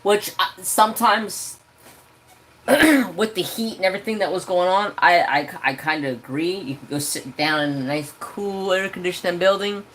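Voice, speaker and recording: Man, crafting livestream host, casual storytelling, animated, ranting, swearing, at home. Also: high voice, moderate pace.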